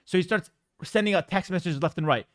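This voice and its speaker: A man's voice: high-pitched, quick pace, dry recording. A man streaming, telling a story in a casual, joking way with exaggerated mock outrage.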